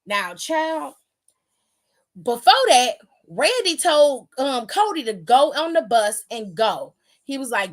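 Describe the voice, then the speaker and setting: A young woman with a high voice tells the story in a loose, slangy way and acts out the quotes as she goes. Her pitch swings widely from line to line, and she sounds like a show host talking straight to her viewers. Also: very animated, slow. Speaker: wrestling show recap host. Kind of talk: animated casual recap.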